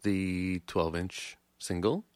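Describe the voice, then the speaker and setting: An American musician in casual chat as a podcast co-host, self-deprecating and quick to laugh. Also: male voice, deep voice, steady tone, darkish tone, no room sound. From United States.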